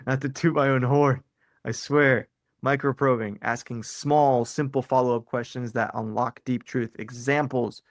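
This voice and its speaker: A man's voice: medium pitch, steady tone, measured pace, dry recording, clean studio sound. A man coaching salespeople on a live training call, talking casually with lots of "right?" and "man". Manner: casual, bro-ish, fillers like "right?" and "man".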